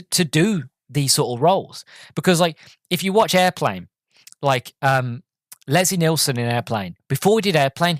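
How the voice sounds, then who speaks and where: A man's voice: fairly high pitch, dry recording, studio quality. A man hosting a podcast, recapping a movie in a rambling, enthusiastic way. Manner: rambling, enthusiastic, many restarts. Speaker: podcast host. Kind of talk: casual movie review.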